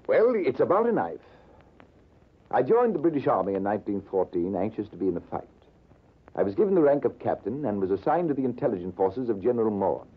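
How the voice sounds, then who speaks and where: A husky army major, swinging his pitch wide as he spins his war story. His telling is measured and dramatic. The sound is thin and lo-fi, like an old radio broadcast. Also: big pitch swings. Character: British army major spinning a tale. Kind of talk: 1940s radio acting.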